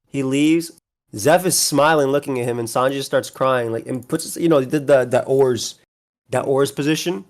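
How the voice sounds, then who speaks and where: A man's voice: mid-range voice, normal speed. A man on a podcast, retelling a scene in eager detail with lots of restarts. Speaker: podcast host. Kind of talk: casual chat.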